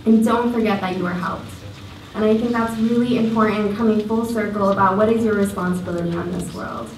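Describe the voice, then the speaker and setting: A young woman, a student organizer, giving a chatty, halting introduction of a speaker. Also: medium pitch, steady tone, a little mellow, slight background noise. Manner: chatty and halting, many fillers. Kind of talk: casual introduction speech. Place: lecture hall. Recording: roomy hall sound from a distance.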